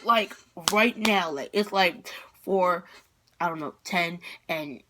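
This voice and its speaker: Excitable girl telling a story-time vlog. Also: on the low side, slow, noisy background. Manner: excitable, dramatic storytelling with many fillers. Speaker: vlogger.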